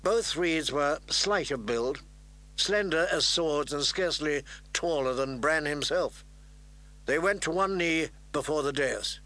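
Bright-voiced male audiobook narrator. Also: a little high. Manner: measured, even storytelling. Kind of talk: scripted fantasy narration.

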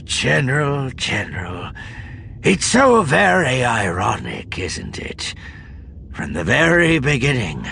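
A man voicing a sinister, gloating dark Jedi master in an audiobook, speaking slowly and theatrically. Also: medium pitch, gravelly, slight background noise, pitched above the performer's own voice, heavily acted. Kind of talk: audiobook narration.

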